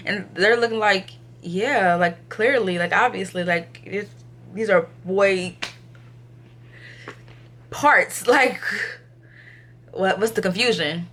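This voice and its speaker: A young woman vlogging to camera, retelling an ultrasound visit casually, acting out what others said, sometimes subdued and low in energy. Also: takes it slowly, pauses often. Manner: animated retelling, acts out others' quotes, filler-heavy.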